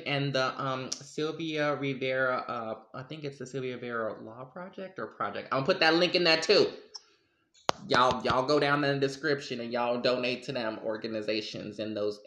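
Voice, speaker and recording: A man co-hosts a casual podcast, talking with emphatic energy, slang and quick laughs. His voice is bright and forceful, and the echoey room rings around it. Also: mid-range voice. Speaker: podcast co-host. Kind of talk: casual conversational chat.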